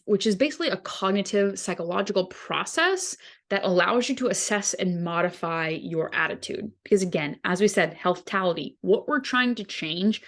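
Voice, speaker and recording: A woman hosts a wellness podcast and explains her ideas in a relaxed, chatty teaching voice. She talks through everyday examples as if talking to a friend. Her voice sits in an ordinary middle pitch. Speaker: podcast host, dietitian. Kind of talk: casual teaching monologue.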